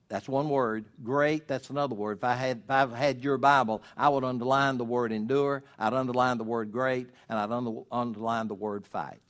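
A pastor in his sixties preaching a sermon, building to loud emphatic peaks and then dropping low and quiet. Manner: preaching with swelling emphasis and sudden drops.

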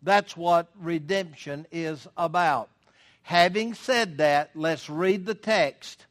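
A male preacher with a high, bright, forceful voice. He delivers his sermon emphatically, firing off rhetorical questions. He reads scripture aloud and unpacks it line by line. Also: slow.

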